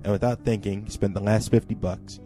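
Co-host, male, low warm voice, reads with emphasis, light music behind. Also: steady tone, brisk. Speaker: podcast co-host. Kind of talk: reading a listener email aloud, then casual chat.

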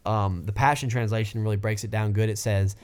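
A man's voice: fairly even intonation, a little fast, darkish tone. Fervent man preaching informally. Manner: fervent, exclaiming, lifts pitch when quoting scripture; rambling with restarts and asides. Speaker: podcast host teaching the Bible. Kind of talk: informal sermon.

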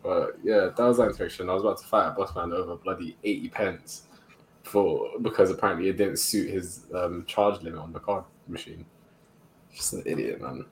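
A young man tells a story in a casual chat with his friends. His voice sits fairly low, and his retelling is animated and slangy. A faint hiss stays in the background. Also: fairly quick. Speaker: podcast co-host.

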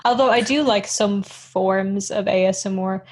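A woman's voice: medium pitch, measured pace, darkish tone, husky. A woman co-hosting a podcast in a casual chat, giggly and rambling, often poking fun at herself. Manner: giggly, rambling, self-mocking. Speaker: podcast co-host.

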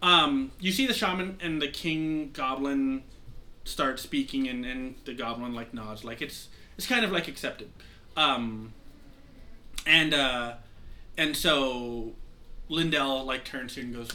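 A man's voice: mid-range voice, slow, sharp tone, a little hiss or hum. A young man narrating a tabletop game as game master, rambling with lots of fillers. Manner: rambling, heavy use of "like" fillers.

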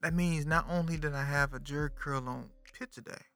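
A man's voice: on the high side, brisk, smooth, faint music behind. A man in his thirties, a podcast host, talking about a movie in a casual, slangy way, often turning to the listener. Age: 30s. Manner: animated, slangy, talks to the listener. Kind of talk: casual movie review chat.

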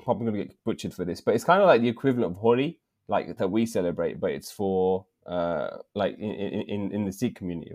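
A man with an English accent in his thirties, telling a story in casual podcast chat with lots of slang. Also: lowish voice. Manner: slangy, animated, drops in "bruv" often. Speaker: podcast co-host.

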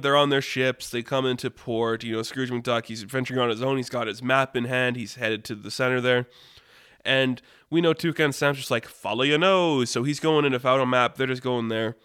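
A man with a smooth, clear voice spins a casual, rambling made-up story with lots of fillers. His voice is close to the mic and dry, with no room sound. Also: medium pitch, fairly quick, no room sound. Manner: rambling, animated, many "like" fillers.

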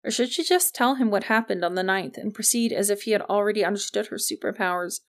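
A woman reads an audiobook in an even, clear storytelling manner. Her voice has a noticeable gravelly fry, and her pitch sits in an ordinary middle range. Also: quick pace. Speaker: narrator. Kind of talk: audiobook narration.

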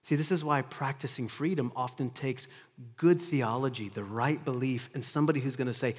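A man preaching a sermon as pastor, earnest, swinging from loud emphasis to hushed intensity. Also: medium pitch, a little fast, husky. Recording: long reverb of a large hall.

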